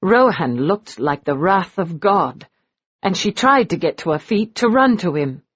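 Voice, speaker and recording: Slow, husky-voiced woman narrator. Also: on the low side, sing-song. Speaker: audiobook narrator. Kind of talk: audiobook narration. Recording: dull lo-fi audio.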